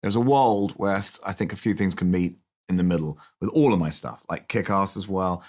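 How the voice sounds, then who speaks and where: Low-voiced man telling animated anecdotes. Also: moderate pace. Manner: animated, acts out quoted voices, rambling restarts, frequent swearing. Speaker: film director guest. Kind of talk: casual anecdotal storytelling.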